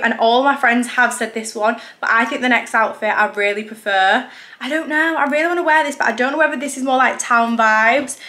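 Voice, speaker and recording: A woman's voice: on the high side, pushed and bright, echoey room. A young woman chatting casually and giggling as she tries on outfits and does her makeup for a get-ready-with-me vlog, filmed on a camera set down nearby in a room at home. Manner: chatty, giggly, self-deprecating. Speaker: vlogger.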